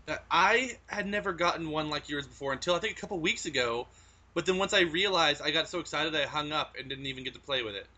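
Brief: casual podcast co-host, man, bright and slightly high voice, rambling storyteller. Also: lively intonation, fast talker. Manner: rambling storyteller with frequent restarts. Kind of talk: casual chat.

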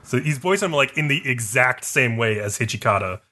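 A man's voice: mid-range voice, expressive, a little fast, sharp tone. A man co-hosting a casual podcast chat, rambling and using lots of filler words. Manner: rambling, heavy use of "like" fillers. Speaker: podcast co-host.

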